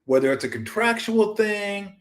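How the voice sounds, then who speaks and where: A man's voice: high-pitched, very animated, moderate pace. Rambling, joking man hosting sports talk. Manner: rambling, jokey, acts out quoted voices. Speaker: sports talk show host. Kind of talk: casual solo sports talk.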